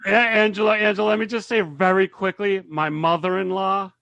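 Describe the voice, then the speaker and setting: A man co-hosting a casual podcast, telling stories in an excitable, animated way. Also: high-pitched, fairly quick, highs cut off, over a noisy crowd. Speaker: podcast co-host.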